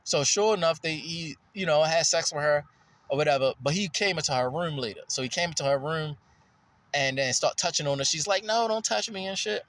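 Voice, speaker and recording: A man rambling loosely through a casual, profane monologue, his voice jumping up when he gets worked up. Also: fairly quick. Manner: loose and profane, jumps in pitch when excited. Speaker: vlogger.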